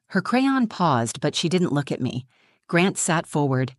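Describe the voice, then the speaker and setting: A woman reading a scripted first-person story as a mother, in a steady, even storytelling manner. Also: on the low side, measured pace, no room sound, studio quality.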